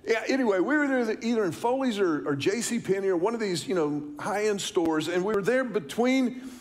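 A man's voice: sits high, expressive, a little fast. A middle-aged man, preaching a sermon, telling a story and asking the congregation questions. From Texas, US. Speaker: pastor.

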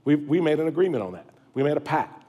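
A man's voice: on the high side, animated, fast talker, dark tone. A middle-aged man, preaching a sermon to his congregation in a folksy, humorous way. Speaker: pastor. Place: church sanctuary.

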